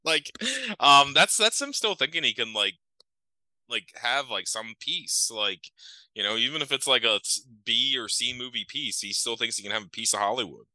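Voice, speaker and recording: A man's voice: medium pitch, expressive, moderate pace, pushed and bright, no echo, rough recording. A man co-hosting a casual podcast chat, talking in a profane, filler-heavy way and laughing often. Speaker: podcast co-host.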